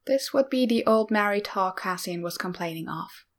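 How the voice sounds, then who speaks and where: A woman's voice: medium pitch, expressive, normal speed, close to an everyday voice. A woman reading an impatient, pointed male robot with a curt manner. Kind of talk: audiobook-style fan fiction reading.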